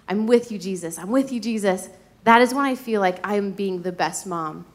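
Chatty heartfelt woman with a bright voice. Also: a little high. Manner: chatty and heartfelt, acts out quotes. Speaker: mother sharing a church message. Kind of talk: personal testimony talk. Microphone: speaking from notes.

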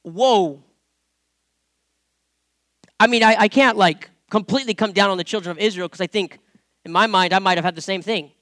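A man's voice: high voice, quick pace, pushed and bright, no room sound, studio quality. A man preaching informally from scripture, chatty and repetitive at times, building to emphatic points. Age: adult parent. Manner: conversational, repeats words, builds to emphatic preaching. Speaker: pastor or Bible teacher. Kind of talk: informal sermon with scripture reading.

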